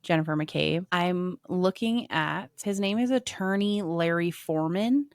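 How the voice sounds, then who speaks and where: A woman co-hosting a podcast in casual chat, relaxed, often answering briefly. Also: lowish voice, measured pace, dry recording, studio quality. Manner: relaxed, brief agreeing replies. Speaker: podcast co-host.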